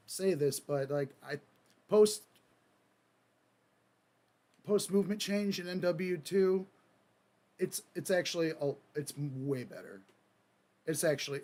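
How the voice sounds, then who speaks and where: A man with a Midwestern American accent, rambling and joking through casual gameplay commentary with sudden loud outbursts. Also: mid-range voice. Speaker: gaming streamer. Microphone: headset or desk mic. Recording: game gunfire in background. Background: game gunfire.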